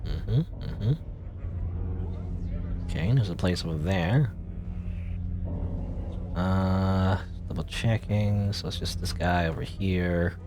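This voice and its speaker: A man's voice: low voice, slow, long pauses, noisy background. A man doing casual let's play commentary, rambling and hesitant, full of filler words, and reading the game's text aloud. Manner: reads game text aloud.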